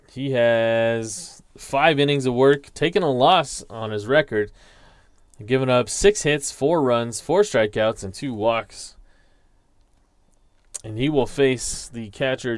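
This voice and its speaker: A man calling play-by-play for a tabletop baseball simulation, slowly reading out dice rolls and player stats. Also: mid-range voice, clear, resonant tone, no room sound. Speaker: league commissioner calling a tabletop baseball sim. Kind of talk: play-by-play commentary.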